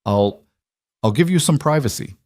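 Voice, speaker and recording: A man voicing a weary, grieving widowed cowboy who speaks softly and earnestly. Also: medium pitch, lively intonation, moderate pace, dry recording, clean studio sound, voice pushed up, natural voice. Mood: gentle. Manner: soft-spoken, quietly earnest.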